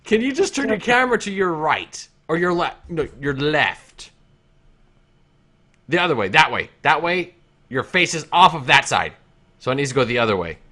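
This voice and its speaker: Lively bright-voiced man. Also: a little high, moderate pace. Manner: giggly, reads chat messages aloud, directs his co-host. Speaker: co-host reading viewer chat. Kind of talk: casual comedic stream chat.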